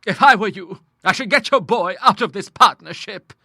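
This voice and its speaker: A man's voice: sits high, normal speed, no room sound, clean studio sound, voice pushed up, exaggerated voice. A man putting on a stern, grim older woman. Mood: vehement. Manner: forceful, scornful, emphatic. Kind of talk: audiobook character voice.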